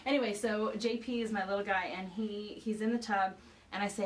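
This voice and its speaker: A woman's voice: mid-range voice, brisk, a little hiss or hum. Woman expert telling a parenting story, distant mic. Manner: animated storyteller, acts out quoted dialogue. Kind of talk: conversational explanation with anecdotes. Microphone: video call.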